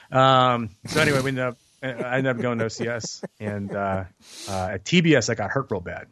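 A man's voice: on the low side, a little fast. A man, a former Marine tank officer, telling stories in a casual interview and acting out what others said. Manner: animated, quotes others in his stories.

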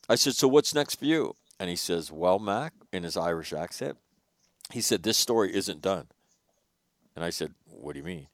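A man hosting an interview, telling a long story in a casual, animated way and swearing now and then. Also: sits low, no room sound, clean studio sound. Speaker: podcast host.

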